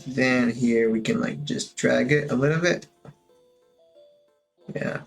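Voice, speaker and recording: A man's voice: medium pitch, slow, gravelly, soft background music. A man casually thinking aloud as he walks through his animation work on a stream, musing and drifting a little, with a touch of self-amusement.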